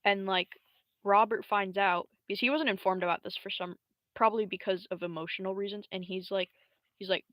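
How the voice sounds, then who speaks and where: A woman's voice: medium pitch, steady tone, brisk, no room sound, dull audio. A young woman streamer telling a story in a casual, rambling way, full of slang and fillers.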